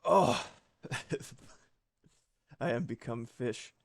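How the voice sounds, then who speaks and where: A man's voice: medium pitch, extremely slow, gravelly. A man in his thirties streaming live while animating, chatting loosely with his viewers and cursing now and then. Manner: relaxed, chatty, reads chat aloud, swears casually. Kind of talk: casual live-stream chat.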